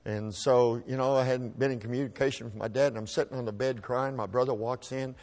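A man's voice: medium pitch, fairly even intonation, darkish tone. Folksy man telling a personal story. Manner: folksy, halting, repeats words while restarting. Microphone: microphone.

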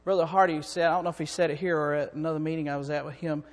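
A man preaching a sermon, swinging from quiet talk up to fervent, shouting peaks. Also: on the high side, steady tone, very fast. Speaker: preacher and song director. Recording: long hall reverb.

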